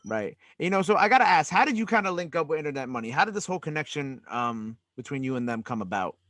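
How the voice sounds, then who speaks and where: Male host, quick and eager, slightly high voice, dry close sound. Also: sing-song, fairly bright tone, no echo. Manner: eager, rapid questions with many restarts. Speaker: interview host. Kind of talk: casual interview chat. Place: interview studio.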